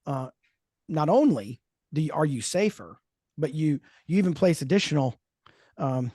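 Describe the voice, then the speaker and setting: A man hosting a faith-based parenting talk show, telling stories in a thoughtful, animated way. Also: fairly high pitch, normal speed, slightly rough, no echo, studio quality. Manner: thoughtful, storytelling, lively emphasis. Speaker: podcast host. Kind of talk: casual chat.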